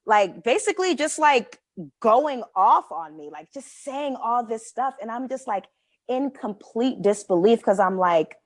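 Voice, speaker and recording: A young adult woman co-hosting a podcast, telling a story in casual chat, animated and full of "like" fillers as she acts out what people said. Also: a little high, a little slow, dry recording. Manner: animated, many "like" fillers, acts out quoted dialogue. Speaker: podcast co-host.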